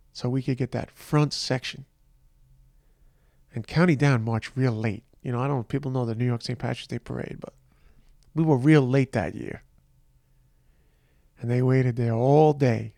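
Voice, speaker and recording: A man hosting a podcast, talking slowly and reflectively in a tired, halting personal monologue. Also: medium pitch, gravelly, a little mellow, no room sound, studio quality. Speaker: podcast host.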